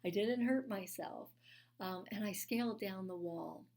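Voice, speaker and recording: A woman speaking from the pulpit at a mid-range pitch, telling a personal story in an earnest, conversational way. She pauses often on small fillers and sometimes drops to a hushed, near-whispered tone for emphasis. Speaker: speaker at a spiritual church.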